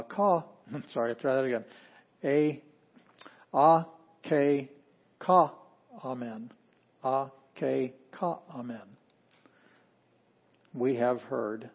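A man giving an informal lesson on Greek pronunciation, relaxed and self-correcting, repeating words slowly to demonstrate them. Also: medium pitch, muffled recording. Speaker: Greek teacher. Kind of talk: informal classroom lecture.

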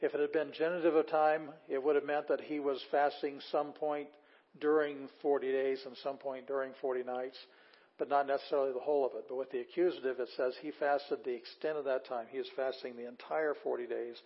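A man's voice: medium pitch, flat delivery, brisk. A man teaching a Greek class, reading Bible verses aloud and explaining them word by word in a casual, enthusiastic way. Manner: casual with fillers, enthusiastic asides. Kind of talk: classroom lecture. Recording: slightly dull lo-fi audio.

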